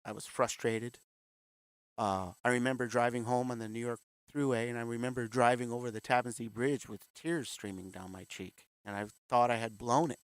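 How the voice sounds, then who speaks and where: A man in his fifties, appearing as an interview guest over a video call, tells his story candidly and performs the voices of the people he quotes. His voice is medium-pitched and steady, with a moderate, smooth pace and no echo.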